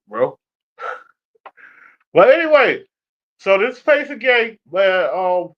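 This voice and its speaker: Animated, trash-talking man on lo-fi audio. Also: fairly high pitch. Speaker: sports streamer. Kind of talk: casual sports rant. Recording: dull lo-fi stream audio.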